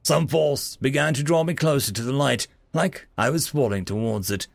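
A man narrating a story in the first person in an expressive, dramatic way. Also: medium pitch, moderate pace, vocal fry, no room sound. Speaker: audiobook narrator.

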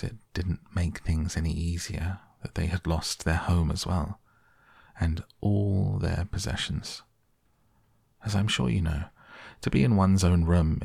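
A man reading a children's novel aloud as audiobook narrator, in a measured storytelling manner. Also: sits low, creaky, darkish tone, husky, dry recording, clean studio sound. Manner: measured storytelling with quoted dialogue in near-own voice.

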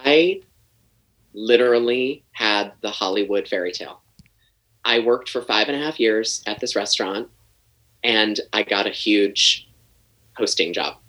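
A man's voice: fairly low pitch, unhurried, pauses often, low-quality recording. A man talking as a podcast guest, telling stories casually, swearing freely and laughing through his own tale. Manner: animated, swears freely, laughs mid-story. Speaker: podcast guest, former waiter. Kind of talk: casual storytelling in conversation.

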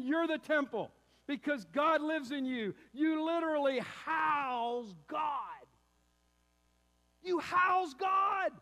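A man's voice: very high-pitched, fairly bright tone, big-room sound. A man preaching a sermon as pastor, building emphasis and calling his listeners beloved.

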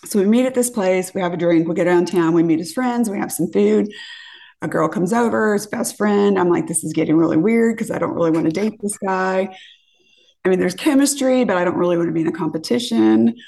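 A woman's voice: mid-range voice, a little fast, gravelly, dark tone. A woman from California, a podcast guest, telling a dating story casually, acting out quotes and swearing freely.

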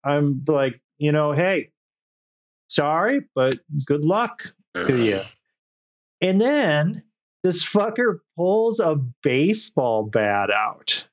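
A man's voice: fairly high pitch, slow. Swearing young man telling a story. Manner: profane, animated storyteller doing quoted voices. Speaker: podcast co-host. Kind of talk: casual storytelling chat.

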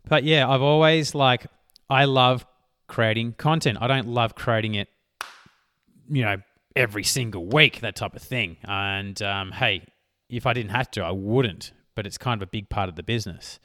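This business coach in his thirties chats loosely on his own podcast, wandering off and fixing his words partway through sentences. He has a mid-range, fairly bright voice, speaks at a normal speed, and the recording has no room sound.

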